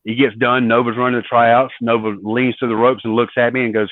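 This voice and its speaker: A man spins long stories in an interview and slips into the voices of the people he quotes. His voice sits at a middle pitch. The sound is tinny and dry, like a phone line. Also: a little fast, no room sound. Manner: animated storyteller acting out quoted dialogue. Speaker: guest, former wrestler. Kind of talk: storytelling interview.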